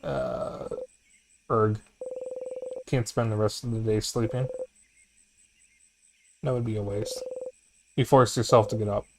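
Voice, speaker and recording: A man's voice: fairly low pitch, steady tone, slow, pauses often, noisy background. Tired, casual streamer man. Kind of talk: casual let's-play chat. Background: game music.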